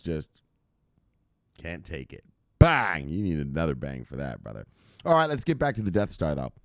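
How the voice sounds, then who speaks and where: A man's voice: deep voice, creaky, darkish tone, clean tone, no room sound, studio quality. A man hosting a crypto news show, giving hyped and profane casual market commentary straight to his viewers.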